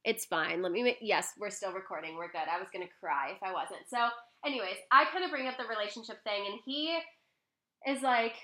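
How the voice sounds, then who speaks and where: A young woman vlogger telling a personal story in a casual, chatty way at home, full of fillers and animated quoting. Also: fairly high pitch, quick pace, roomy sound. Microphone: laptop mic, close.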